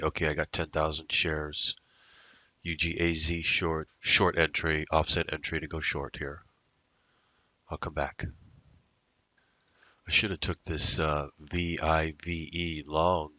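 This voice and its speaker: A man's voice: very deep voice, sharp tone, dry recording. A man day trader giving rambling live commentary on his trades, talking to himself and drifting into musings. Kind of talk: live trading commentary over a screen recording.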